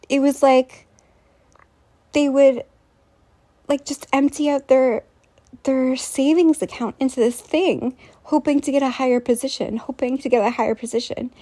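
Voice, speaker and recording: A woman's voice: high voice, a little mellow. A woman vlogger telling a long, rambling story straight to her viewers, sounding incredulous and scornful and often turning to ask them questions. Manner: rambling, incredulous, scornful, addresses the listener directly.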